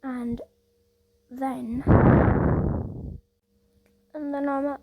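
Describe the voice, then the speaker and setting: A woman's voice: high-pitched, little pitch movement, drawn-out words, a little mellow, low-quality recording. A woman casually telling a rambling story, peppered with "like" and "obviously".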